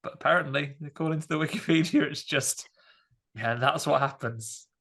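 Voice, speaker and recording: A man hosting a podcast, chatting casually about a film in a rambling, animated way with many fillers. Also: a little high, normal speed, vocal fry. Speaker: podcast host. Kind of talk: casual film review chat.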